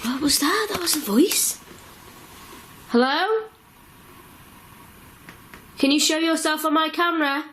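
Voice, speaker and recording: A woman paranormal investigator calling out to spirits in an old farmhouse at night, nervous and breathy, recorded on a handheld camera. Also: high-pitched, takes it slowly, pauses often, a bit bright, slight background noise. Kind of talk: ghost-hunting calling out.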